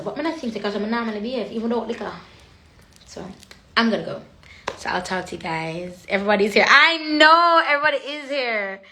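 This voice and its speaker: A woman's voice: fairly high pitch, sharp tone, echoey room. A young woman with a Jamaican accent, chatting casually to viewers on a livestream from her phone and slipping into patois. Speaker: livestream host.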